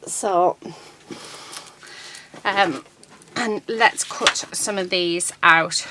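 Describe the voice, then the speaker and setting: A woman's voice: on the low side, drawn-out words, background noise. A middle-aged woman chats casually while she crafts at her desk at home. She rambles and fills her talk with ums. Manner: chatty, rambling, many ums. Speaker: crafting channel host.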